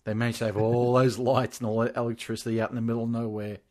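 A man's voice: medium pitch, flat delivery, quick pace, a little mellow. A man as a podcast guest, making sarcastic, mocking asides in casual chat.

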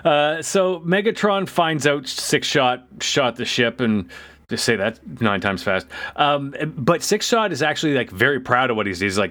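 A man's voice: fairly high pitch, very animated, a bit bright. A man co-hosting a podcast, recapping a cartoon episode in loose, profane, chatty talk. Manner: loose, profane, laughing recap with quick asides. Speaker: podcast co-host. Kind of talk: casual recap chat.

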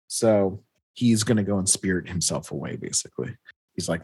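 A man talks through a comic story in a casual, animated way, often slipping into quick impressions of the characters. His voice sits on the low side and is a little husky. It is recorded close and dry. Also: no room sound. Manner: animated retelling, acting out characters' lines, laughs often. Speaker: comic book recapper. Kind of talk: casual chat.

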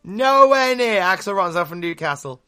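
High, lively man in animated chat. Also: normal speed, over music. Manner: animated, mocking, prone to silly voices. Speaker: podcast co-host, former radio presenter. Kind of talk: casual chat.

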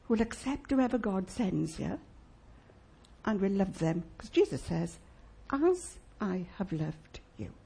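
Husky, lively woman preaching a sermon. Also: mid-range voice, unhurried. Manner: lively, emphatic, rhetorical questions to the congregation. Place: church.

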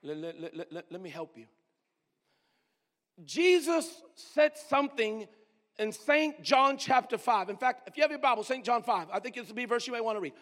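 A man pastor preaching a sermon with emphatic delivery, swinging from shouted lines to low, quiet asides. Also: expressive, moderate pace. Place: church sanctuary. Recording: long hall reverb.

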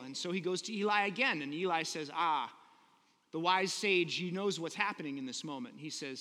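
A man's voice: sits high, fairly quick, sharp tone, in a large hall. A man preaching a sermon in a conversational, earnest way, often asking the listeners rhetorical questions. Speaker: pastor.

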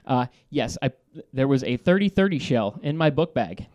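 A man calling in to a talk show, telling a story in a lively, laughing way, swearing and restarting his sentences. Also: mid-range voice, normal speed, highs cut off. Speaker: caller. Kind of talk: casual storytelling.

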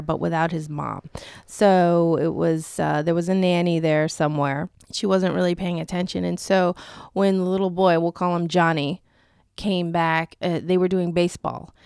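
A woman's voice: lowish voice, darkish tone, smooth, dry recording. A woman co-hosting a casual podcast chat, telling a story with animation and frequent laughs, recorded in a city studio. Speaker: podcast co-host.

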